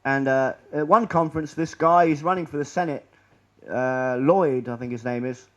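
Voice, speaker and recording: A man's voice: medium pitch, normal speed, dull audio. A man giving a rambling, sarcastic talk over slides, full of restarts and asides. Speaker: conspiracy lecturer.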